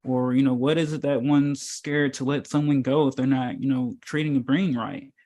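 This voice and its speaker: A man of middle pitch talks as a spiritual teacher in a loose, preachy way. He rambles from point to point, stresses his words hard and keeps throwing out rhetorical questions and fillers. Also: steady tone, moderate pace, dark tone. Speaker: spiritual teacher in an informal meetup. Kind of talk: casual preachy talk.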